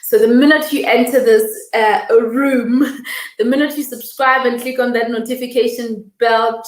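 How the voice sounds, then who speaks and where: Fast-talking young woman, echoey room. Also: a little high. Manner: warm, effusive, reads viewer comments aloud; fast-talking, emotional, laughing. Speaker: livestream host. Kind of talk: casual livestream chat.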